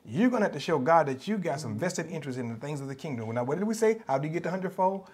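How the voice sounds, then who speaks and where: Southern us pastor guy preaching hard, kinda high voice, keeps repeating himself and acting out what folks say. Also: animated, rapid-fire, a little mellow, breathy edge. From United States. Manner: passionate, emphatic, repeats phrases, acts out quoted voices. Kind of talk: sermon.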